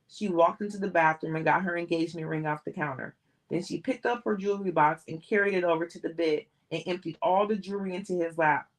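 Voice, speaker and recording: A woman's voice: on the low side, quick pace, low-quality recording. A woman reading a novel aloud on a live stream, with small slips and restarts. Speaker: audiobook reader.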